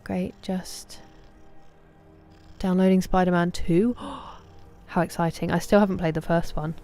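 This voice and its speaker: A woman chatting casually with live viewers while gaming, greeting them by name and dropping soft asides. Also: lowish voice, unhurried, soft background music. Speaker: streamer.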